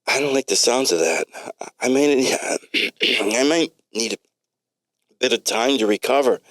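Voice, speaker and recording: A man voicing an anxious male patient who stammers nervously and breaks into high wails. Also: measured pace, fairly bright tone, no echo, close to an everyday voice. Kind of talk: comic storybook reading.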